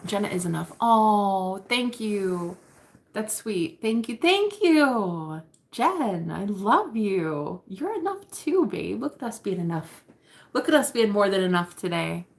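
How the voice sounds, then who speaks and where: A woman with a creaky, gravelly edge to her voice talks candidly to camera in a loose confessional chat. She laughs often and drops the odd swear word. Her pitch sits in an ordinary middle range. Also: animated, a little slow. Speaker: vlogger.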